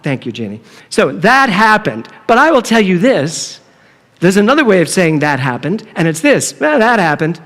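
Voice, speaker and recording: Animated male minister in a reverberant hall. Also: sits high, normal speed. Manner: animated, playful, acts out dialogue. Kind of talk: sermon with humorous story. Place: church sanctuary.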